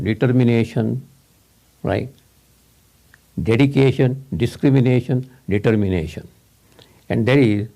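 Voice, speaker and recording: Warm and mid-pitched, a man's voice carries an informal talk from a spiritual teacher to his students. English is his second language, and he tends to ramble and say things twice, chuckling frequently along the way.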